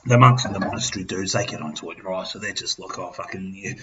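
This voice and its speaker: A man's voice: deep voice, fast talker. A tipsy Australian man in his fifties hosting a podcast, rambling crudely and swearing constantly. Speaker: podcast host. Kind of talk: boozy comic rant. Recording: slightly dull with faint noise.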